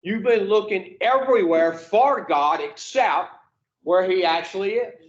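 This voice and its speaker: A man with a rather high voice gives a blunt, swear-laden talk to a recovery group and keeps throwing questions back at the listeners. The recording is dull and lo-fi. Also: lively intonation, unhurried. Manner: profane, plain-spoken, fires rhetorical questions at the room. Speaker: addiction recovery group speaker.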